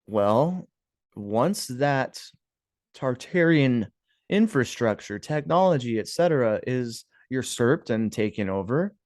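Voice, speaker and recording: A man in the middle of his pitch range talks through old etchings and clippings in a loose, musing way. He slips into sarcasm often and calls his viewers "guys". The sound is close and dry, with no room around it. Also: darkish tone, dry recording. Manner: musing, sarcastic asides, frequent "guys" and chuckles. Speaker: history video host. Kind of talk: casual commentary over images.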